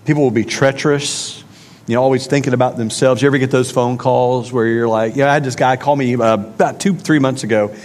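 A man's voice: medium pitch, steady tone, fairly quick, darkish tone. A man preaching a conversational sermon with emphatic repetition. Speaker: pastor. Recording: long reverb of a large hall.

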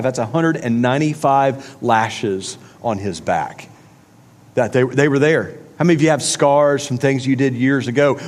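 A man preaching a sermon in a relaxed, conversational way, with fillers and asides to his congregation. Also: mid-range voice, in a large hall. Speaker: pastor.

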